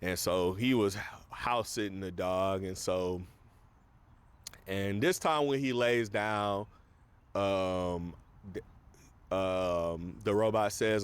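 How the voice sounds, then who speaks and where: A man hosting his own casual film review show, talking in a low, smooth, resonant voice. He rambles through the plot recap with frequent fillers and restarts. When he quotes a character he briefly lifts his voice to act the line out. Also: slow pace, long pauses. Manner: acts out quoted lines in a raised voice.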